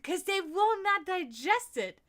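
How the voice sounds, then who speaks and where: A woman's voice: very high-pitched, big pitch swings, measured pace, fairly bright tone. A woman hosting a livestream, chatting casually in a rambling, profane way and laughing often. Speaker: livestream host.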